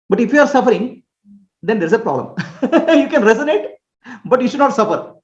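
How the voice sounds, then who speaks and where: A man's voice: high voice, darkish tone. A man teaching as a spiritual teacher in a question-and-answer talk, explaining with homely examples, checking that listeners understand and chuckling often. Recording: roomy, dull lo-fi recording.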